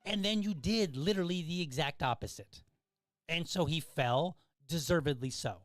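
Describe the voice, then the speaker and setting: A man delivers opinion commentary in an emphatic, lecturing tone and fires off exasperated rhetorical questions. His voice sits a little high for a man. The sound is dry and close, with faint music underneath. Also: moderate pace, no echo. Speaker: podcast host.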